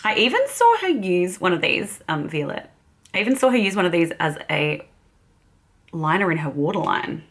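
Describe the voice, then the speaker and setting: Giggly Australian woman, lively low voice. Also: normal speed. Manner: chatty and giggly, laughing often. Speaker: beauty vlogger. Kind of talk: casual get-ready-with-me chat.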